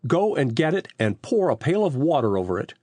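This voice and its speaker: A man's voice: fairly high pitch, wildly swooping pitch, moderate pace, no room sound, exaggerated voice. A man doing a bossy small-town police chief. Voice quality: gruff and commanding.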